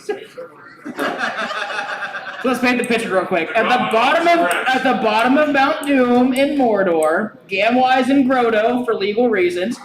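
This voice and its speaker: A man's voice: very high-pitched, expressive, a little slow. A man narrating as game master at a live tabletop show in a brewery, joking and laughing as he goes. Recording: roomy live venue with crowd. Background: crowd.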